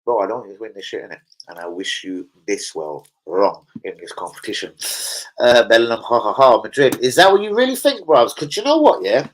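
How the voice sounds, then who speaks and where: Male fan-channel host, casual streaming chat, animated and profane. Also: mid-range voice, fairly quick, low-quality recording. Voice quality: profane, animated, slang-heavy.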